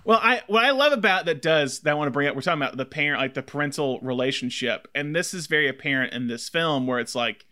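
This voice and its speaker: A man's voice: fairly high pitch, animated, fast, few pauses, pushed and bright. A man co-hosting a casual film podcast, talking enthusiastically in long rambling stretches full of fillers. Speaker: podcast co-host.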